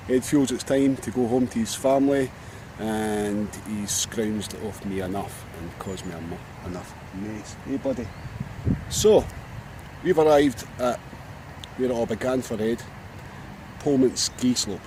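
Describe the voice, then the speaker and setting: A man's voice: lowish voice, measured pace, dark tone, a little hiss or hum. A man casually talking to a rescued seagull in a home video, affectionately calling it mate and buddy. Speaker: vlogger caring for a rescued seagull.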